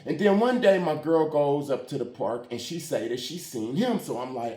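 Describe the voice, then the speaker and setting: Man, casual storyteller, slangy street talk, animated pitch, echoey room. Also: normal speed, hardly any pauses. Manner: slangy street talk with frequent "you hear what I'm saying". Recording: roomy echo.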